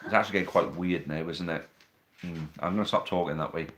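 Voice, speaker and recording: Male host, slightly low voice, casual banter with viewers, phone mic at home. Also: fast talker, noisy background. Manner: chatty, reads out viewer questions, teasing banter. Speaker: live stream host. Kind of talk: casual live stream chat. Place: living room at home. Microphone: phone on a tripod.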